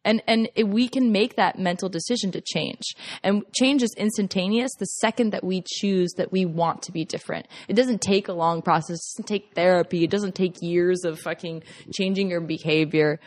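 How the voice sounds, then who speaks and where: A woman's voice: lowish voice, moderate pace, few pauses, darkish tone. A young woman talking as an actress guest in a casual chat, earnest and persuasive, swearing freely as she makes her point.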